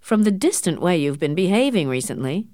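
A woman reading the part of a stern, cold older man, a wealthy doctor and father, speaking slowly and coldly. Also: lowish voice, very animated, dark tone, no echo, studio quality. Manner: slow, cold and measured. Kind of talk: audiobook character reading.

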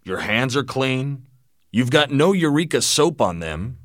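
A man voicing a blunt, wealthy old father who lectures his son forcefully, in a lively but dry-sounding reading. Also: mid-range voice, measured pace, no room sound, pitched above the performer's own voice.

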